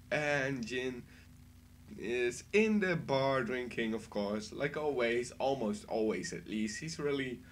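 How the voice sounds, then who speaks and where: A man giving a casual spoken review, rambling and excitable, often laughing between his thoughts. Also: medium pitch, a little hiss or hum. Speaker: anime reviewer.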